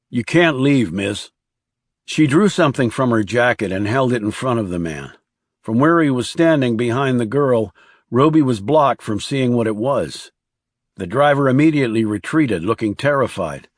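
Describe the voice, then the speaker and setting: A man reading a crime thriller audiobook aloud in a low, hushed storytelling delivery. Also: no room sound, studio quality. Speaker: audiobook narrator. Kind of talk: scripted narration.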